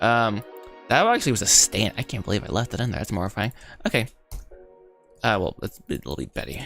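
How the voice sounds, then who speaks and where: A man with a fairly low voice talks casually on a live stream while he works on a script. He rambles, drifts off track and pokes fun at himself. Faint music plays behind him. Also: animated, brisk, a bit bright. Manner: rambling, self-deprecating, easily sidetracked. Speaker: animator livestreaming his script rewrite.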